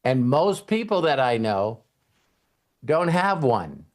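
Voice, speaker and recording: A man's voice: medium pitch, big pitch swings, slow. A middle-aged man hosting a motivational talk, telling stories and acting out quoted voices with some casual swearing. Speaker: host and mentor.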